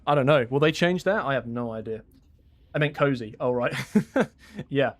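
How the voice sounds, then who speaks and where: A man's voice: medium pitch, normal speed. A young man from England chatting casually on a live game stream, laughing often and answering his chat. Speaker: gaming streamer.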